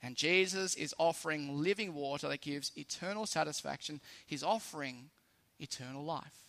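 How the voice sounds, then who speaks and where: A man's voice: fairly high pitch, moderate pace, vocal fry, pushed and bright. A man with an Australian accent preaching a sermon in a conversational, lightly humorous way, stressing key phrases.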